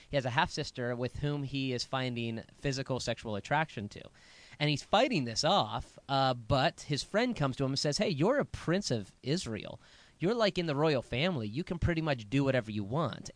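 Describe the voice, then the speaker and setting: A man's voice: medium pitch, no echo. A man co-hosting a Bible podcast, chatting casually and teasing his co-host. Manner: joking, teasing banter. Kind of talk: casual chat about the Bible.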